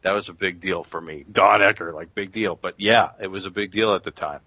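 A man's voice: low-pitched, a little fast, pushed and bright, no room sound. A man hosting a podcast, chatting loosely and reminiscing. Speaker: podcast host. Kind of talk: casual podcast chat. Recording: dull lo-fi audio.

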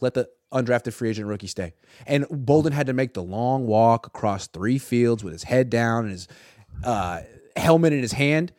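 A young man co-hosting a sports podcast, talking casually and animatedly, cursing and shouting impressions of a coach. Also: medium pitch, no room sound, studio quality.

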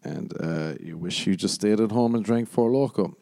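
A man hosts his own podcast alone and rambles through one rant after another. His voice sits fairly low and sounds mellow and relaxed. The talk is profane and sardonic, and he often mimics other people mockingly. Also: normal speed, gravelly, no room sound. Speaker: podcast host. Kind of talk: casual solo rant.

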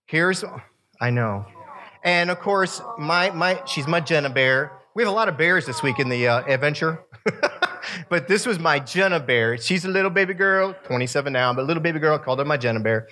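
His voice is a little high, pushed and bright, with lively intonation at a moderate pace. In his fifties, he's giving a sermon-style talk to young people, storytelling and laughing at his own asides to the room.

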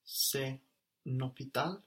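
A learner in an audio language lesson giving short, soft answers after each prompt. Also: mid-range voice, slow pace.

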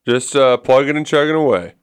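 A man's voice: mid-range voice, animated, brisk, smooth. A man co-hosting a morning sports radio show, chatting casually and stumbling through his thoughts. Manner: chatty, self-deprecating, restarts a lot.

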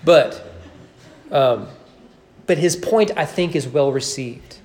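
A man's voice: a little high, lively intonation, slow, a little mellow. A man preaching a Sunday morning sermon in a church, earnest and emphatic, building repeated phrases and dropping in wry asides. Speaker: pastor. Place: church sanctuary.

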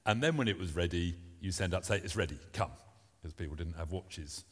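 A man's voice: sits low, lively intonation, a little fast, long reverb tail. A man preaching a sermon at a church service, earnest and plain-spoken, reading scripture aloud between his points.

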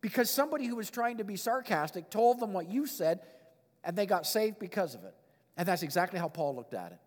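A male pastor preaches a sermon with an expressive delivery, reading scripture and commenting on it. His voice sits high for a man. The sound carries a long reverb, like a large sanctuary. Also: fairly quick. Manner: expressive preaching, reads scripture, chuckles at his own points.

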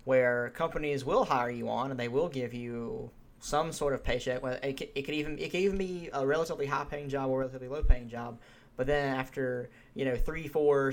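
Laid-back hesitant podcast man. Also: mid-range voice. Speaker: podcast co-host. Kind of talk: casual political chat.

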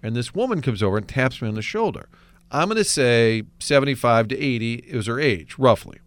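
Animated man telling stories, dry sound. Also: medium pitch, fairly quick, dry recording. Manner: animated storyteller acting out quotes. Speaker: podcast host. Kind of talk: casual conversation.

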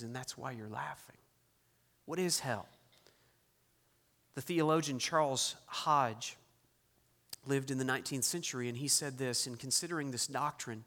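A male pastor preaching a sermon, shifting from loud emphatic lines to hushed, intense ones. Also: medium pitch, moderate pace, pauses often. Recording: long reverb in a large hall.

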